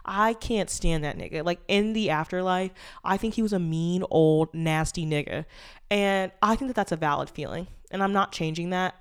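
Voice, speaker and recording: Candid rambling woman podcaster, smooth voice. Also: fairly low pitch, moderate pace. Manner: candid, rambling, heavy fillers, swears. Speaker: podcast host. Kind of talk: casual solo podcast chat.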